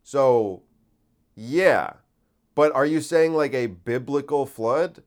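A man's voice: medium pitch, animated, slow pace, darkish tone. Incredulous rambling man. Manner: rambling, incredulous, full of restarts and rhetorical questions. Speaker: podcast host. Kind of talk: casual podcast talk.

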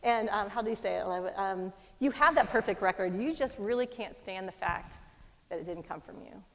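A middle-aged woman telling a personal story in a fast, animated way, with lively voices for the people she quotes. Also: medium pitch. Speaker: speaker. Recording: long hall reverb.

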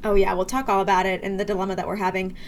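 A young woman chats easily as a podcast co-host, bubbly and quick to joke. A faint hum of room ambience sits behind her voice. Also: mid-range voice, little pitch movement. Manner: chatty, bubbly, joking. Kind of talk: casual chat.

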